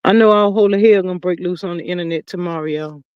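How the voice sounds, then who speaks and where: A woman hosting a livestream, talking casually and animatedly, swinging between loud outbursts and low murmurs. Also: fast talker, clean tone, dry recording, lo-fi sound. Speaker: livestream host.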